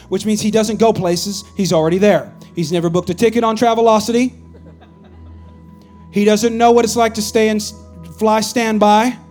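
A man with a high-pitched voice preaches a sermon from a church stage. He drops to near-whispers, then climbs to shouts, and throws call-and-response asides to the congregation. Soft music plays faintly behind him. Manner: swings between hushed near-whispers and loud shouts. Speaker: pastor.

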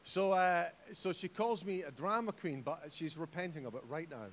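A man with a Scottish accent preaching a sermon in church, jokey and animated, rising to loud exhortation. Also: a little high, moderate pace. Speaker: pastor. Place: church hall.

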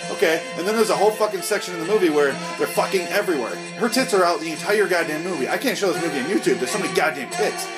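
Man, angry movie rant, swears constantly, slightly high voice, music in the background. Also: animated, rapid-fire, hardly any pauses, poor audio. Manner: profane, ranting, exasperated; mocking impressions of characters. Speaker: movie reviewer. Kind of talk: angry unscripted movie review.

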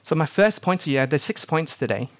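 A young male pastor preaching with a fairly high voice that keeps jumping in pitch as he acts out the voices of those he quotes. His delivery is lively and storytelling, sometimes rushing ahead and sometimes slowing right down. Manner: animated storytelling, acting out quotes. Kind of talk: sermon.

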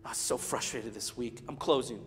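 A man's voice: mid-range voice, a little fast. Man preaching with big dynamic swings. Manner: swings from loud preaching to near whispers; storytelling with humor. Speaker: pastor. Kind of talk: sermon. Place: large church hall. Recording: reverberant church hall with soft guitar.

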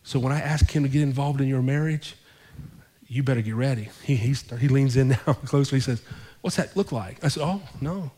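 A male pastor telling a story in his sermon, conversational and animated, repeating his phrases for effect. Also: mid-range voice, a little fast, in a large hall. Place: church sanctuary.

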